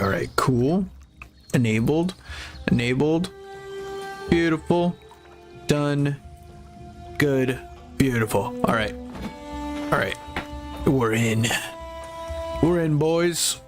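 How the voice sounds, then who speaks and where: A tired young man with a creaky, mid-range voice hosts a game stream, rambling casually and swearing now and then as he sorts out the settings.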